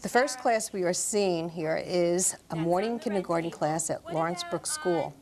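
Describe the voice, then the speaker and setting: A woman with a fairly low voice narrates footage from a school in a measured, explanatory way. Lively classroom chatter runs clearly underneath her. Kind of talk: voice-over narration.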